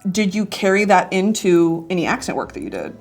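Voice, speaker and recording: A young American woman hosts a comedic interview with a lively, swooping voice. She is playful, laughs a lot and swears casually. Faint music sits under her voice. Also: on the low side, a little fast. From United States. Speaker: host.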